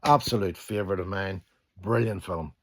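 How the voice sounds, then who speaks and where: A middle-aged man with a lowish voice talks through his favourite films in a loose, casual way. He is enthusiastic and swears freely. His sentences often drop into softer, trailing remarks. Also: moderate pace. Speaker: channel host. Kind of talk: casual film collection chat.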